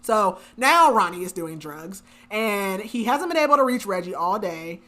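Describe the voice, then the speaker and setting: Bright-voiced, chatty woman podcaster. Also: medium pitch, animated, normal speed. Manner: chatty, filler-heavy, laughs often. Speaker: podcast co-host. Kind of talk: casual chat, recapping a book.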